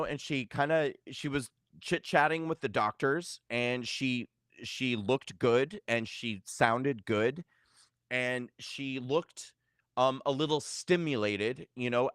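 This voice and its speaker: A man's voice: medium pitch, fairly bright tone, dry recording, studio quality. A middle-aged man recounting a family event in a vlog, hesitant, with many fillers and restarts. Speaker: vlogger. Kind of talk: personal storytelling to camera.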